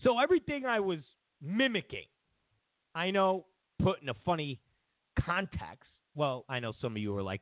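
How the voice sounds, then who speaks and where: A man's voice: a little high, lively intonation, normal speed, no echo. Sarcastic male host on a tinny line. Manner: sarcastic, mocking. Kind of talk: comedic political monologue. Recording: tinny phone-like line, dry.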